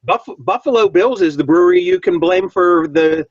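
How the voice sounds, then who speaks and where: A man in a casual beer-tasting chat, telling stories in a lively way, heard over dull, dry online call audio. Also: sits high, normal speed, no echo.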